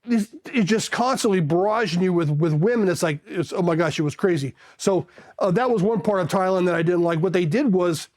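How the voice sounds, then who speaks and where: A Marine veteran in his fifties from California tells candid stories bluntly and ramblingly, swearing casually. His voice sits high and brisk with a darkish tone.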